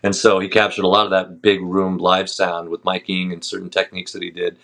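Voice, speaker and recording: Fast-talking deep-voiced man. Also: gravelly. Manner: relaxed storytelling, laughs easily. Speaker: band vocalist, guest. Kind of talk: casual interview chat.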